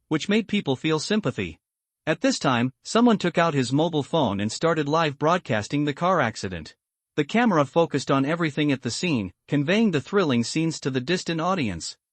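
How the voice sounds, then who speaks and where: A man's voice: a little high, expressive, moderate pace, no echo. Man narrating a story recap, dry close sound.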